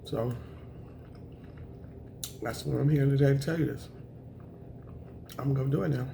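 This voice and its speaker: A woman, chatting to camera on her eating show, emotional and thankful, with a voice that is raspy at times. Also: a bass voice, a little slow, dark tone, slight background noise. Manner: emotional, thankful, says y'all often. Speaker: mukbang vlogger.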